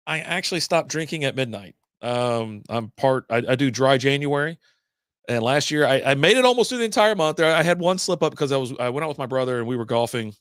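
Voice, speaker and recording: A middle-aged man hosts a casual beer stream from home, talking loosely and correcting himself as he goes. His voice sits at an ordinary pitch for a man. The sound is close and dry, with no room in it. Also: no echo. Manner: rambling, self-correcting, laid-back. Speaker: beer podcast host. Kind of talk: casual live-stream chat.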